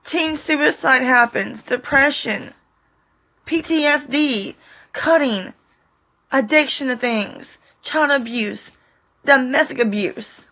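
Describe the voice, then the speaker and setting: Slow, bright-voiced emotional woman vlogger. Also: high voice. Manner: tearful, pleading and defiant; slow, halting delivery with short fragments. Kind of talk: emotional direct-to-camera monologue.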